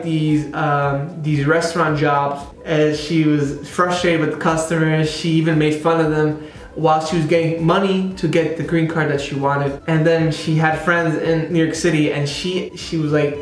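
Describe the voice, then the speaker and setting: Rambling man reviewing a show. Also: on the high side. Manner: rambling, with many "like" and "you know" fillers. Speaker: theater reviewer. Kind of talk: casual spoken review. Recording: roomy echo, faint music behind.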